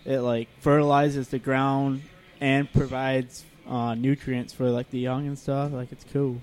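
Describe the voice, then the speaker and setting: A man's voice: mid-range voice, flat delivery, measured pace, darkish tone. A young man in casual chat, talking loosely with many fillers and acting out other people's lines when he tells a story. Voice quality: laid-back, lots of fillers, acts out voices in stories.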